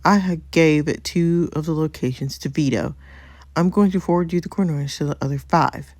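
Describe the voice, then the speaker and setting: A woman's voice: low-pitched, a little fast, noisy background, close to an everyday voice. A woman voicing a scheming, protective young married man while reading a story game aloud, with little change to her own voice. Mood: determined.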